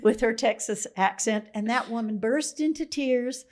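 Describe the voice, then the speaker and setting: A woman guest in a conversation, telling stories in a reflective, musing way, often clearing her throat. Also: fairly high pitch, moderate pace, darkish tone.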